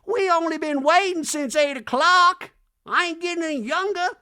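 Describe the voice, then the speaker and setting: A man voicing a cold, blunt older woman, a stern mother, in a high, slow, drawn-out voice. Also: sharp tone, exaggerated voice. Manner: icy, drawn-out, high put-on voice.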